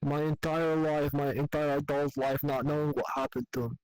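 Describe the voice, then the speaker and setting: A young man speaks in a steady, level tone with little rise and fall. His delivery is candid, profane and halting as he tells an emotional personal story. The sound is dry and close. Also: a little high, clean tone, dry recording, low-quality recording. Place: online voice chat in a virtual world.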